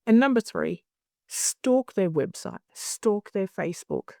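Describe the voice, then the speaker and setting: A woman's voice: medium pitch, lively intonation, slow, gravelly, mellow, no room sound, studio quality. A middle-aged woman in a candid interview, who talks bluntly, swears freely and acts out other people's lines. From Australia. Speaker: hypnosis conference director.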